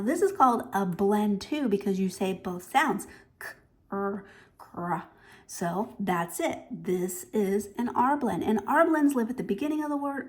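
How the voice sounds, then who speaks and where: A middle-aged woman teaches a phonics lesson with a patient, clear manner. She sounds out letters slowly, and her voice sits at a middle pitch. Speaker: reading teacher.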